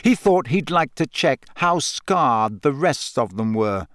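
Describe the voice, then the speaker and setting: A man narrating an audiobook in a measured storytelling manner. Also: medium pitch, lively intonation, fairly bright tone, no echo, clean studio sound. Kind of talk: scripted narration.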